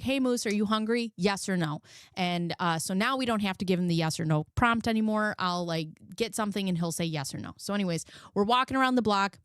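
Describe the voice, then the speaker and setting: Woman, 30s, livestream commentary host. Blunt, chatty, profane. Smooth voice, dry close mic. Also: medium pitch, no room sound. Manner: chatty, blunt, swears, thanks viewers.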